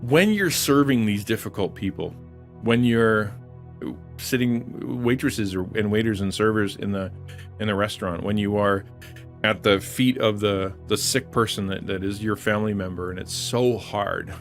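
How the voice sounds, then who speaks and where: A man's voice: fairly low pitch, moderate pace, faint music behind. A man preaching earnestly on a livestream, repeating phrases for emphasis. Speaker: online pastor. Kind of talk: livestream sermon.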